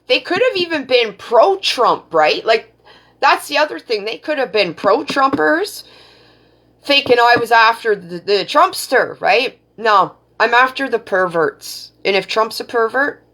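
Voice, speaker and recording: A woman's voice: a little high, fairly bright tone. A middle-aged woman from Canada hosting a casual live stream, telling stories bluntly and profanely, acting out back-and-forth dialogue. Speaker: livestream host.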